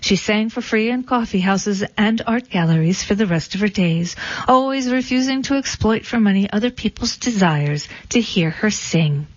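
Female narrator, dry deadpan storybook read, muffled lo-fi audio, no room sound. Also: mid-range voice, normal speed, no echo. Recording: dull lo-fi recording.

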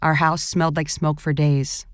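A woman actor calmly reading a first-person story as scripted narration. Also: low-pitched, moderate pace, music in the background.

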